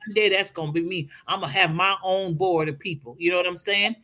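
A middle-aged woman with a Southern American accent appears as a podcast guest, speaking in a casual, motivational, preacherly style and expressively acting out quoted speech. Her voice is on the low side and quick.

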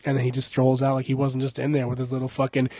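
A man's voice: medium pitch, completely flat delivery, very fast, warm tone, slightly rough, dry recording. A young adult man hosting a casual podcast, joking, cursing and laughing a lot. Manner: profane, joking, laughs often. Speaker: podcast host.

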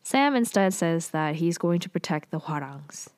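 A young woman casually recapping a TV drama, chatty and full of fillers and quick asides. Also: lowish voice, expressive, darkish tone, dry recording, studio quality.

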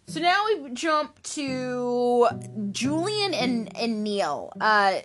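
A woman casually recapping a soap opera episode in a chatty, animated way. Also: fairly high pitch, extremely slow, soft background music. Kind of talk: casual chat.

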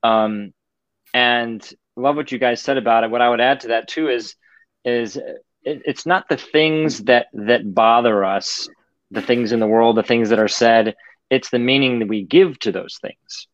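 A man's voice: medium pitch, measured pace, dry recording, lo-fi sound. A man on a podcast, talking casually and animatedly, acting out other people's voices as he explains his ideas. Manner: animated storyteller, acts out voices. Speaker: podcast guest.

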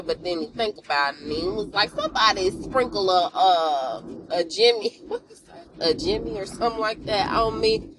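A woman hosting a podcast, telling an episode recap in a casual, animated way and calling out to listeners, with emotional exclamations. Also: medium pitch, background noise. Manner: animated storytelling, addresses listeners with "y'all".

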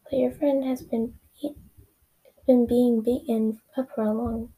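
A woman's voice: on the high side, steady tone, a little slow, warm tone, breathy edge, low-quality recording. A woman voicing a doctor who delivers bad news with some hesitation. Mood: grave.

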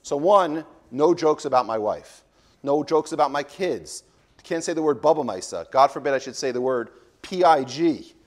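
A man's voice: on the high side, animated, normal speed. A man teaching a comedic parody of a daily Talmud class, rambling and breaking off into jokey asides and corrections of himself. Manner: jokey, mock-serious.

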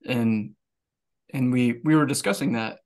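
A man's voice: mid-range voice, unhurried. A man, a pastor and podcast co-host, sharing conversational anecdotes and brief interjections. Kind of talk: casual discussion.

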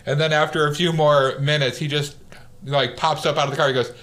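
A man's voice: on the high side, fairly quick. A man casually recapping a war movie on a podcast, acting out the characters' lines as he goes. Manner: animated storyteller, acts out quotes.

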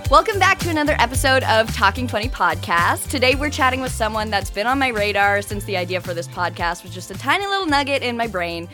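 Upbeat woman host over soft music. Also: on the high side, sing-song, fast talker, few pauses. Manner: upbeat, friendly introduction. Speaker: podcast host. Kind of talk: podcast intro and interview.

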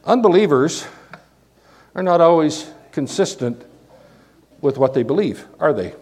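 A man with a Canadian accent, a pastor preaching a sermon full of rhetorical questions and sudden swings in loudness. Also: on the high side, expressive, measured pace, pauses often.

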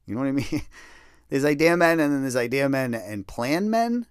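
A man's voice: sing-song, smooth, no echo, clean studio sound. A middle-aged man hosting a podcast, rambling and self-deprecating as he tells stories from his life, sometimes reading a draft aloud. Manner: rambling, self-deprecating, reads a memoir draft in a lower, slower voice. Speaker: podcast host. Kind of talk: casual storytelling podcast.

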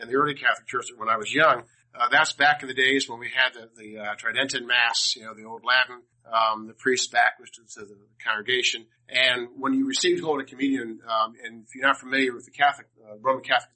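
An older man from Washington, D.C. speaks to a class in a bright, forceful, medium-pitched voice, telling personal stories with rambling humor and many restarted sentences. The audio is poor.

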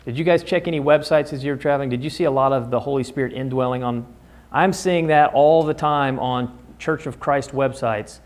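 A man's voice: medium pitch, fairly quick. A man leading a Bible study in a church classroom, explaining passages and putting questions to the class. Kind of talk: conversational Bible study lesson. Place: church classroom in the American Midwest.

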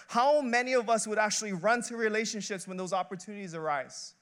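A man's voice: sits high, fast talker, few pauses, fairly bright tone, clean tone. A man, an associate pastor, preaching a sermon in a conversational, emphatic way, building his points through rhetorical questions and repeated short phrases.

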